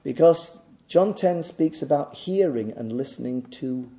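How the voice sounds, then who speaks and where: A man's voice: a little high, lively intonation, moderate pace, hardly any pauses, mellow. A male preacher delivering a sermon, pressing his listeners with rhetorical questions and emphatic repetition.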